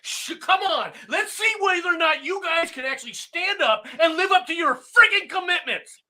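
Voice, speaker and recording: Sex: man. Role: political talk host. Style: angry ranting commentary. Pitch: high, very lively. Tone: bright. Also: normal speed. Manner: angry, sarcastic, mocking, often shouting.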